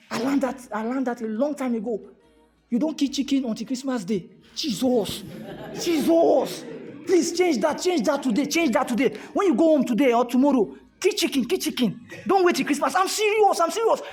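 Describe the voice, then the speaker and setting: A woman's voice: sits high, darkish tone. A Nigerian woman giving an emphatic motivational talk, repeating key phrases and slipping into pidgin. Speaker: motivational speaker.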